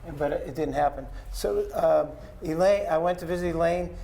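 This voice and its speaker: Gravelly guy telling a story on a panel, does little voices for everyone, a bit high. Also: normal speed. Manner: animated, acts out the people he quotes. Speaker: panel guest, artist's estate guardian. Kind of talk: anecdotal storytelling in a panel talk. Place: art gallery talk.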